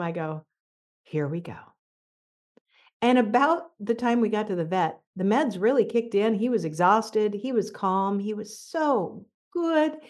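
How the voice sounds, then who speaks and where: Chatty middle-aged woman career coach. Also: mid-range voice. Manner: animated, chatty storyteller with casual fillers. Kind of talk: motivational talk with a personal story.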